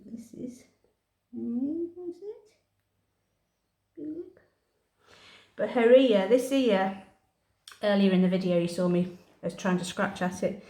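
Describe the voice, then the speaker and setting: A woman, a cat groomer, soothing the cat in gentle cooing words and explaining her work as she goes. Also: medium pitch. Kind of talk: talking through a grooming session. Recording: roomy echoey grooming room.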